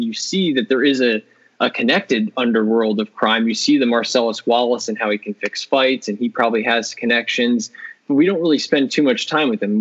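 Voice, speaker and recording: A man's voice: mid-range voice, fairly bright tone. A man co-hosting a podcast, talking about movies with enthusiasm and rambling through fillers and restarts. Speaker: podcast co-host. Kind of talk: casual movie discussion. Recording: dull lo-fi sound.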